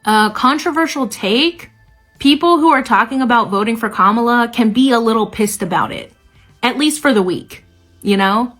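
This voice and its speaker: A woman's voice: on the high side, moderate pace, a bit bright, soft background music. A woman giving an angry, emphatic political rant to her phone camera as a TikTok creator, swearing often.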